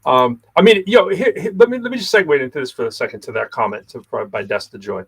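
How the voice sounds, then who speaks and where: A man's voice: mid-range voice, expressive, fast, breathy edge. A man co-hosting a podcast, talking in an easygoing, casual way and laughing often. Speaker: podcast co-host.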